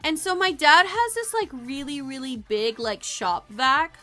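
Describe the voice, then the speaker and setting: A young woman streamer chatting casually on a livestream, telling a rambling, animated story and laughing often. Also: high-pitched, a little slow, faint music behind.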